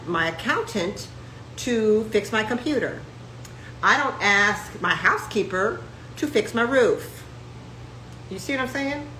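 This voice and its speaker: A woman hosting a live stream, a chiropractor ranting in a brash, sarcastic, animated way. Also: medium pitch, echoey room, a little hiss or hum, poor audio. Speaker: host.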